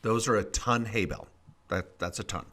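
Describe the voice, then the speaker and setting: A man co-hosting a podcast, telling stories and joking in a casual, animated way. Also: on the low side, moderate pace. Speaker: podcast co-host.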